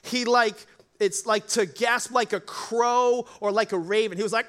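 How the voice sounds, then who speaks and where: A man's voice: sits high, a little slow. A man preaching a sermon as pastor, telling a Bible story and acting out the voices in it. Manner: animated, acts out Bible voices.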